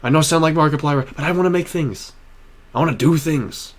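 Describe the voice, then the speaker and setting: A man's voice: a little high, brisk. A young man talking to camera in a personal vlog, rambling and restarting often, earnest and emotional. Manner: earnest and heartfelt. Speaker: vlogger.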